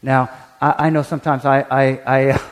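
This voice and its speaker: A man's voice: medium pitch, moderate pace, big-room sound. A man preaching a sermon as pastor, acting out quoted prayers and often restarting his words. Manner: animated, acts out quoted prayers and voices; frequent stammered restarts.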